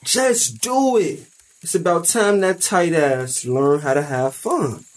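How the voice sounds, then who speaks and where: A woman voicing a cocky young male college student with a husky, smooth-talking, coaxing manner. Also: fairly low pitch, lively intonation, slow. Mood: pushy.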